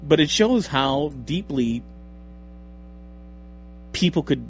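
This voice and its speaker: A man's voice: fairly high pitch, expressive. Rambling male radio co-host. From Long Island, New York. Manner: rambling, halting, joking. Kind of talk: casual radio chat. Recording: dull lo-fi radio recording with faint music.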